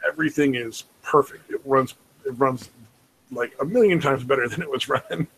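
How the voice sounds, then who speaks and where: A man's voice: medium pitch, normal speed, fairly bright tone, breathy edge, poor audio. A man co-hosting a casual podcast chat, telling stories in a laid-back, rambling way.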